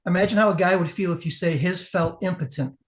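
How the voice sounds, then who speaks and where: A woman's voice: fairly low pitch, fast. A woman who wrestles and judges a competition, giving blunt, profane advice on a live video-call panel. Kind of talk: casual critique on a live panel.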